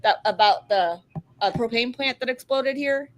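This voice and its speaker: Woman with a fairly high voice, chatty and teasing, rambling casual anecdotes. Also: normal speed. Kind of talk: casual chat.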